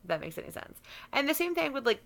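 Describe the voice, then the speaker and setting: A woman in her thirties, a vlogger, launches into a heated, unfiltered rant to camera, blunt and full of profanity, broken by bursts of laughter. Her high voice is a bit bright with vocal fry. She is very animated and talks fast.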